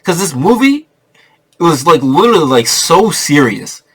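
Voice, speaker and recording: A man's voice: a little high, very animated, normal speed. A man giving a casual, rambling movie review, full of fillers and swearing. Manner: rambling, profane, filler-heavy.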